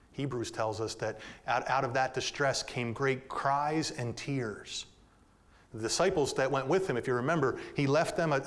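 Male pastor mid-sermon, direct with his flock, quiet reflection building to ringing emphasis. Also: medium pitch. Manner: rises to loud emphatic peaks, drops to soft intimate tones; addresses listeners directly as "folks".

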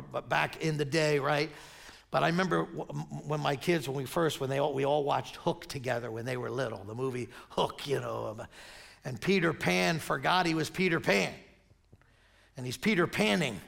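A man's voice: mid-range voice, vocal fry, fairly bright tone. A middle-aged man preaching a sermon as pastor, in a conversational way with stumbling restarts when he tells stories.

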